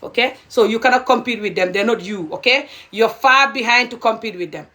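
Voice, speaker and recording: A woman's voice: a little high, a little fast, bright, forceful tone. A young adult woman from Gambia giving heated, indignant social commentary to camera, pressing each point with a repeated "okay?". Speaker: video creator.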